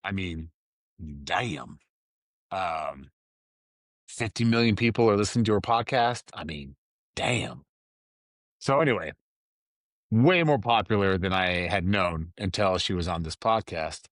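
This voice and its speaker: A man's voice: deep voice, lively intonation, a little slow, long pauses, a bit bright, no echo, studio quality. A man hosting a podcast on his own, talking in a loose, rambling, conversational way with lots of asides. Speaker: podcast host. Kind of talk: casual solo chat.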